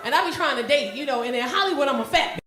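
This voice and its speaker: A middle-aged woman with a high, expressive voice performs a loud, brash, profane stand-up set on a comedy club stage, jumping between characters in quick voices. The audience laughs behind her, and the live club recording carries a noisy background with a faint crowd.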